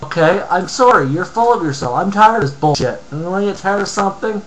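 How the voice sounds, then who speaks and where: A man from Canada with a voice pitched a little high reads comments aloud into a computer mic and fires back in a heated, profane rant. His talk swings between muttered asides and angry outbursts. A faint hiss sits under the recording. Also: animated, a little fast, fairly bright tone, poor audio. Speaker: vlogger. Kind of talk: ranting while reading online comments aloud.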